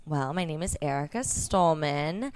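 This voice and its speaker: Low, smooth-voiced woman interview guest. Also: unhurried. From Tennessee, United States. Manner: bubbly, excitable. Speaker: guest blogger.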